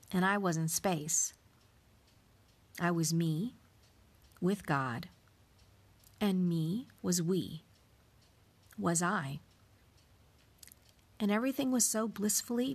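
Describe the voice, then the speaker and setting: A woman tells her own story as a podcast host in a reflective, carefully scripted voice. Her voice sits a little low. She sometimes drops to a soft whisper. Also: slightly rough.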